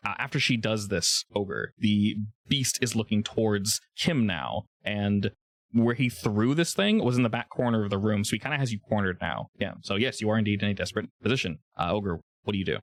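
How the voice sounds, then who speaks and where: A man's voice: on the low side, animated, brisk, no echo. A man running a tabletop role-playing game as game master, explaining rules casually with fillers.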